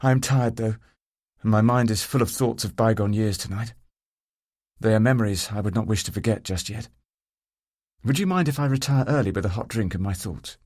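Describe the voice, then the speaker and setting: A man's voice: on the low side, fairly quick, a little mellow, no room sound, studio quality, voice pushed up, natural voice. A man voicing a mild, polite young brother who is a little jumpy, in an audiobook. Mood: tired. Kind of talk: audiobook character voice.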